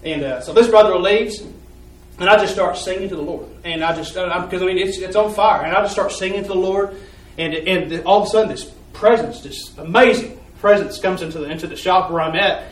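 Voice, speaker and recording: High-voiced man testifying in an echoey church. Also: a little fast, recorded from a distance. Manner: earnest, rambling storytelling with repeated words. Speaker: church member giving testimony. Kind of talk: personal faith testimony.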